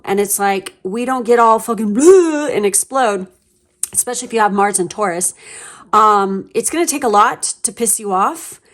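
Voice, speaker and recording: Woman tarot reader, casual and chatty, blunt and foul-mouthed, laughs a lot. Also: medium pitch. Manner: chatty, frank and profane, laughs often. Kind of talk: casual pick-a-card tarot reading.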